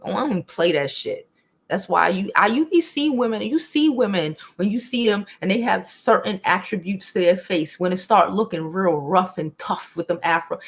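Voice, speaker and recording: A young woman, hosting a casual live stream, talking bluntly and profanely, animated, and reading chat comments aloud. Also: medium pitch, slightly rough.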